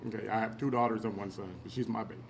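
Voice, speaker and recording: Man, tearful, halting, heartfelt, handheld mic, echoey hall. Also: fairly low pitch, steady tone, creaky. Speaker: proud father and coach. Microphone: handheld microphone. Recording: echoey noisy room.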